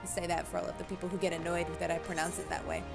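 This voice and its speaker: A woman's voice: lowish voice, little pitch movement, rapid-fire, creaky, music in the background. A woman hosting a casual let's-play, chatty and self-mocking as she comments on the game. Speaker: gaming channel host.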